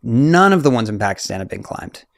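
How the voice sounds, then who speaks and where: A man's voice: medium pitch, fairly quick, creaky, no room sound. A man in his forties, a mountaineer guest, telling his story casually with many fillers and laughs. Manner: animated, fillers, laughs often.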